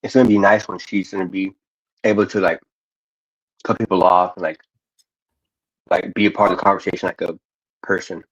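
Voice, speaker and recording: Deep, husky man in a dull recording. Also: steady tone, brisk, pauses often, dry recording. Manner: blunt, casual, swearing. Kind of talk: casual chat. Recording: dull muffled dry recording.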